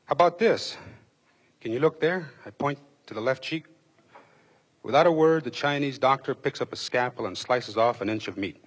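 A man reads a first-person memoir passage aloud in a measured, dramatic way. He lingers over vivid lists and details. His voice is husky and a little rough, with a mid-range pitch. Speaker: reader.

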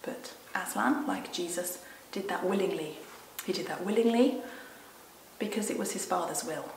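A woman leading a Sunday school, reading a story aloud to children and then explaining it, mostly gentle and quiet. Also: fairly low pitch, moderate pace, gravelly, a little hiss or hum. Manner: gentle and mostly quiet, lively in the exciting parts. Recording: roomy echo from a distant mic.

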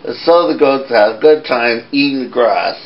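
A man's voice: mid-range voice, moderate pace, highs cut off. A man puppeteer telling fairy tales casually, rambling and restarting his lines. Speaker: puppeteer storyteller. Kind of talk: casual storytelling.

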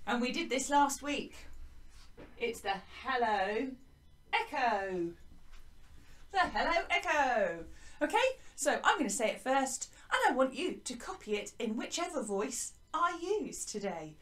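An English woman leads a lively online music lesson for young children, bright and encouraging in her delivery. Her voice sits high and swoops up and down animatedly. She speaks from a small hut into a desk microphone. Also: a little slow. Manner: bright, encouraging, sing-song teacher talk. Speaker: primary music teacher. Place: small garden hut classroom. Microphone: desk microphone by laptop.

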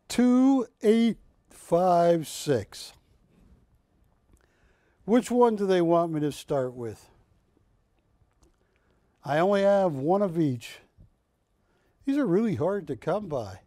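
A man hosting a live shopping show, selling with joking, drawn-out salesman patter. He speaks slowly and in a fairly high voice. The sound is dry and close. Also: animated, mellow, dry recording. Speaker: shopping channel host. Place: TV studio.

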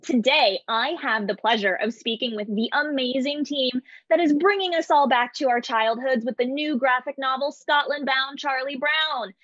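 A woman hosting a video chat interview, bubbly and quick to laugh. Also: sits high, a bit bright, no echo, muffled recording. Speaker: interview host.

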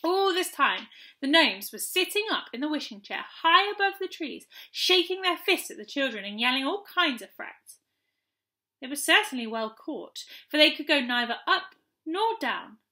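A woman narrating a children's storybook in a clear, measured storytelling manner. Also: high voice, sing-song, pushed and bright. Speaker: audiobook narrator.

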